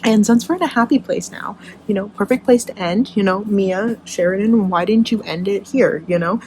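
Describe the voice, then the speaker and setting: A woman's voice: mid-range voice, normal speed, a little mellow, a little hiss or hum, rough recording. A young woman book vlogger chatting casually and emotionally about a book she is reading, full of fillers. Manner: gushing and emotional, with frequent fillers.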